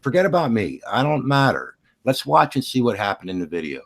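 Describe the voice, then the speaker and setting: A man on a voice-chat call argues with mounting heat, sarcastic and quick to talk over the people he is arguing with. His mid-pitched voice swings up and down a lot as he presses his points. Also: very animated. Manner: combative, sarcastic, talks over others. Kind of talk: heated argument.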